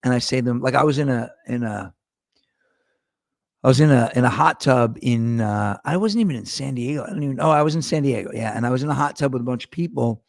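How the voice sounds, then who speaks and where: A middle-aged man hosts his own podcast in a loose, rambling monologue, swearing freely and wandering off topic. His voice has a gravelly edge, and the sound is dry and close with no room around it. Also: medium pitch, quick pace, no room sound. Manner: rambling, profane, digressive. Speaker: podcast host. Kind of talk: casual monologue.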